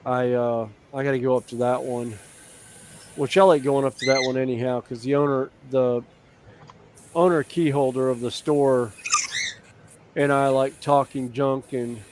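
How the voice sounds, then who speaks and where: A man's voice: mid-range voice, darkish tone, a little hiss or hum. Rambling man in casual chat. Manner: rambling, filler-heavy storytelling.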